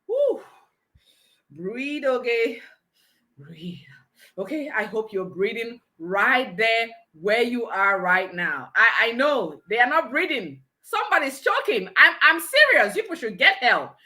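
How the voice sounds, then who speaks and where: A woman's voice: on the high side, big pitch swings, measured pace, hardly any pauses, sharp tone. A woman hosting a live conference, exuberant and exclaiming, laughing often. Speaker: conference host. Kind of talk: energetic live event hosting.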